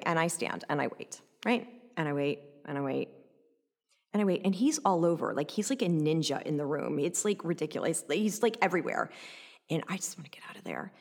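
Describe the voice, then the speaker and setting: A woman recounting a personal story in an animated, conversational way, often adding "like" and "right?". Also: low-pitched, brisk, gravelly, long reverb tail.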